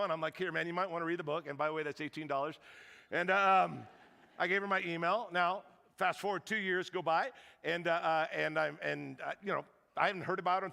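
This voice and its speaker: A high-pitched man preaches to his congregation, joking and animated as he acts out the people in his story. His voice is gravelly and bright, and it carries through a large hall with a long echo. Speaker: pastor. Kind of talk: storytelling sermon. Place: church hall.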